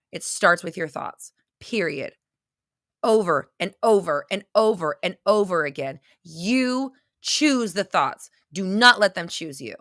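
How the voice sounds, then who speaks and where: A woman's voice: fairly low pitch, fairly bright tone, dry recording, clean studio sound. Blunt, intense woman livestream host. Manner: blunt, intense, repeats phrases for emphasis. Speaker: livestream host answering viewer questions. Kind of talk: unscripted livestream talk.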